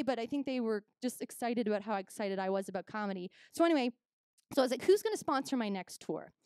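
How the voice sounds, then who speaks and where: A woman's voice: mid-range voice, clear, resonant tone, no echo, studio quality. A young woman from Canada doing a stand-up comedy set, telling stories and acting out both sides of each conversation. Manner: animated storytelling, acts out both sides of conversations.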